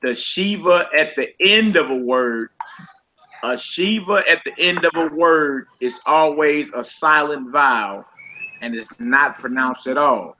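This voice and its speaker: A man teaching a casual group Hebrew lesson over a voice call, quizzing his students in a relaxed, conversational way. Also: a little high, unhurried, highs cut off.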